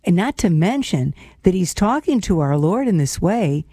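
A woman speaks in a mellow, warm voice, hosting a devotional program. Her talk is earnest and personal, reflecting on scripture as if chatting with friends. The recording is dry and close, with no room sound. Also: fairly low pitch, big pitch swings, normal speed, dry recording. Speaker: host of a devotional show.

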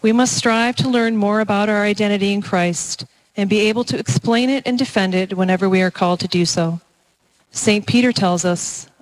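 A woman reads a scripted spiritual reflection in an even, mid-pitched voice. She speaks earnestly and gently and closes in prayer. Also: rough recording. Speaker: presenter of a parish mission reflection.

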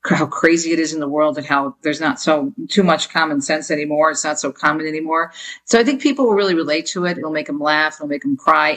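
A woman's voice: sits low, fairly bright tone. Earnest woman author on a talk show. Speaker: guest author. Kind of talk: interview talk.

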